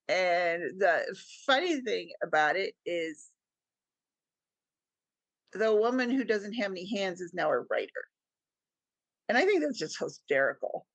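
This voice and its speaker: Woman, middle-aged, raspy gravelly voice, earnest guest storytelling, dry close mic. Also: fairly low pitch, sing-song, a little slow, long pauses, dry recording, muffled recording. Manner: earnest storytelling, acts out quoted dialogue. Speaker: podcast guest. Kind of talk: personal story in an interview.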